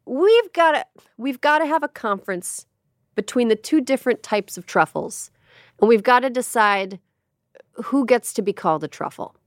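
A woman's voice: fairly high pitch, lively intonation, no room sound, studio quality. Wry, emphatic woman podcast host. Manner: wry, emphatic, quick asides. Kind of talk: casual chat.

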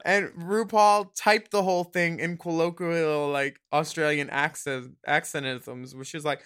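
A man's voice: a little high, fairly even intonation, measured pace, a bit bright, smooth. A man co-hosting a podcast, recapping a reality show in campy, chatty talk and laughing often. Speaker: podcast co-host.

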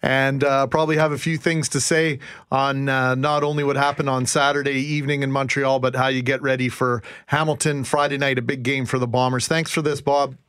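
A man's voice: medium pitch, flat delivery, fairly quick, hardly any pauses, fairly bright tone, smooth, dry recording, studio quality. A man co-hosting morning radio, upbeat and asking quiz questions. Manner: upbeat, quizzing co-host. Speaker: radio co-host.

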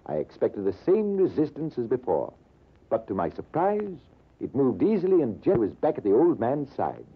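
A husky army major, swinging his pitch wide as he spins his war story. His telling is measured and dramatic. The sound is thin and lo-fi, like an old radio broadcast. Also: wildly swooping pitch, heavily acted. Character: British army major spinning a tale. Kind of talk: 1940s radio acting.

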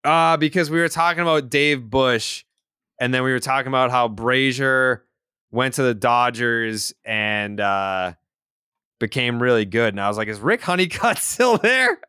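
A man's voice: mid-range voice, fairly even intonation, measured pace, sharp tone, clear, resonant tone, no echo, studio quality. A young man co-hosting a sports podcast in casual, rambling, profane banter, often laughing. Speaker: podcast co-host.

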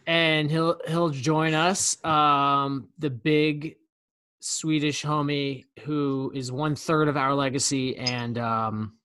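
A man's voice: a little high, little pitch movement, slow pace, pushed and bright, smooth. A man co-hosting a podcast in casual chat, rambling with lots of fillers. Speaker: podcast co-host.

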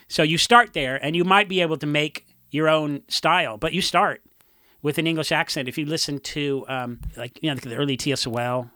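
A man from Orange County, a punk musician, telling rambling, animated stories in a casual interview and acting out what others said. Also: fairly high pitch, fairly quick, no room sound, clean studio sound. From Orange County, California. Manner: rambling, animated storytelling with acted-out quotes.

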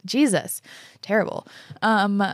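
A woman's voice: medium pitch, takes it slowly, no room sound, studio quality. A young woman hosting a podcast, reading listener emails aloud and reacting with effusive praise and casual swearing.

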